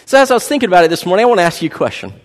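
Animated pastor in a reverberant church hall. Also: male voice, sits high, very fast. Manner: animated, joking, acts out voices in anecdotes. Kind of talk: sermon with storytelling.

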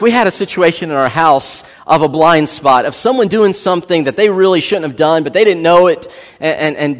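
A man in his thirties preaching a sermon as a pastor, animated and joking as he tells a family story. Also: fairly high pitch. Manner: animated, joking, acts out voices in anecdotes. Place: church hall. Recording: long hall reverb.

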